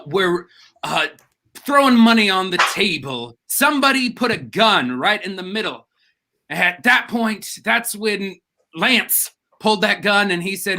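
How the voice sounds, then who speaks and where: A man performs live improv, narrating a made-up story with mock drama. His voice is high and bright.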